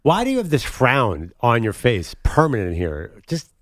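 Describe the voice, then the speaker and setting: Man, radio co-host, teasing, casual banter, mid pitch. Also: huge pitch swings, moderate pace, no room sound, clean studio sound.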